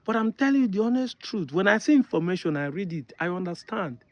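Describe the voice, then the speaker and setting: Nigerian male commentator with a high voice, forceful and repetitive, dry and slightly muffled recording. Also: animated, quick pace, dry recording. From Delta State, Nigeria. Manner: emphatic, insistent, repeats points. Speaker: online commentator. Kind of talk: opinion monologue to camera.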